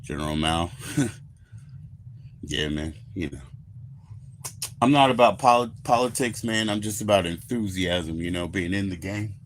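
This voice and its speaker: Cooking in his home kitchen, a forties-aged livestream host chats casually with viewers, rambling and cursing freely. He has a deep voice and a measured pace broken by long pauses, and the poor recording carries a little hiss or hum.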